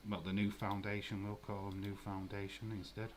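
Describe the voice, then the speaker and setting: Chatty man, low voice. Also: completely flat delivery, moderate pace. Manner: chatty, swears freely, laughs while reading out viewer comments. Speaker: live-stream host. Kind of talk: casual live watch-along commentary.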